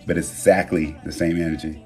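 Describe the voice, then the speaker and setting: A man hosting a live stream from his phone, talking in a relaxed, reflective way with loose slang and pausing to read viewer comments. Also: rumbling low, slightly rough, faint music behind. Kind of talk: casual live-stream talk. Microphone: phone mic.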